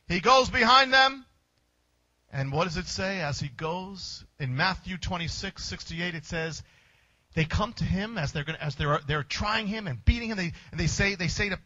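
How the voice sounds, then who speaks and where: A man preacher with a high, bright, forceful voice tells a story in short, emphatic bursts. The sound is dry and close, with a dull, lo-fi tone. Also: no room sound. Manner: vivid, emphatic retelling in short punchy phrases. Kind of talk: dramatic sermon storytelling.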